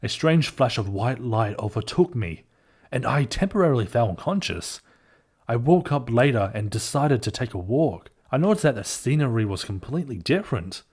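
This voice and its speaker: A man's voice: medium pitch, big pitch swings, moderate pace, darkish tone, breathy edge. A man playing a breezy ant thief woman. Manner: casual, breezy, says mate.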